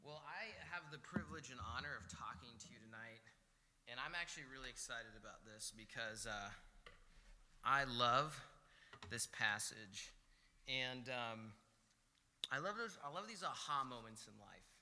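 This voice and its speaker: A man's voice: mid-range voice, expressive, moderate pace, pushed and bright, slight background noise. A young man giving a casual, conversational sermon at a young adults service, telling stories with chatty asides. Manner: chatty, storytelling, with many "like" and "right?" asides. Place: church hall. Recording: long hall reverb with faint music.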